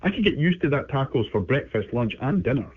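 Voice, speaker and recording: A cheeky, chatty bulldog as an AI man plays him talks in a gruff British accent. His voice is a little husky. It comes through a thin, tinny phone line. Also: medium pitch, big pitch swings, fairly quick, no room sound.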